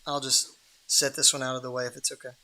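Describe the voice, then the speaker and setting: A man's voice: medium pitch, level tone, fast talker, bright, forceful tone. A man hosting a livestream Bible reading in a casual, rambling way, with many restarts and fillers.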